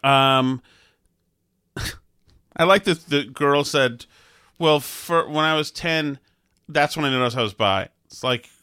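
A man's voice: on the high side, takes it slowly, long pauses, pushed and bright, clear, resonant tone, dry recording, clean studio sound. A man hosting a podcast in casual chat, joking and wry. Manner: joking, wry, easily amused. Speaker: podcast host.

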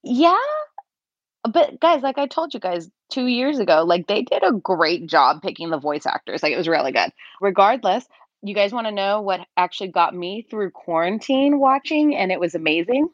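A woman's voice: medium pitch, lively intonation, normal speed, dry recording, dull audio. A woman co-hosting a podcast, chatting in an upbeat, enthusiastic way and laughing easily. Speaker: podcast co-host. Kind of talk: casual chat.

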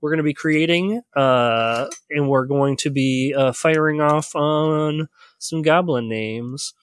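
A man's voice: a little high, slow. A man acting as game master on a voice call, explaining the game setup in a rambling way with lots of fillers.

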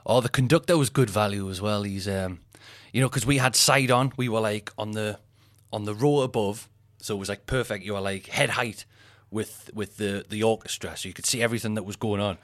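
A man's voice: on the low side, brisk, no room sound. Guy, comic storytelling, swears loads, laughs at himself, dry sound. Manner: animated, sweary, laughs at his own story. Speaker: comedian podcast host.

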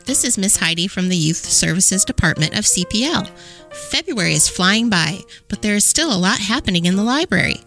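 Woman librarian, cheerful announcements, clear background music. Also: mid-range voice, fairly bright tone. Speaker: youth services librarian. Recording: music bed behind voice.

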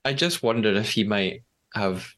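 A man's voice: lowish voice, moderate pace. A man with an English accent hosting a podcast, animatedly retelling events and acting out quotes. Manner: animated storytelling, acts out quotes. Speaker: podcast host. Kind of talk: casual recap chat.

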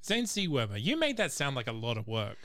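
A man's voice: mid-range voice, huge pitch swings, fairly quick, a bit bright, no room sound. Teasing male podcast co-host. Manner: teasing, dry humor. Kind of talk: casual podcast chat.

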